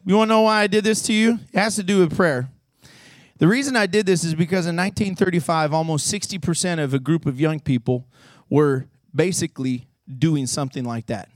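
Youth preacher, male, high-pitched, teasing crowd-worker, dry close mic. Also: brisk, dry recording. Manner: playful, goading, shouts coaching cues. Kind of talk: youth sermon with audience games.

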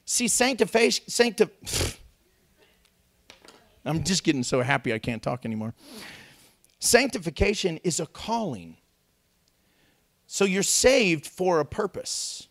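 A male pastor delivers a sermon in a high, lively voice that swoops up and down. He jokes with the congregation and acts out the people he describes. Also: unhurried, vocal fry, pauses often. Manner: animated, joking, acts out babies and critics.

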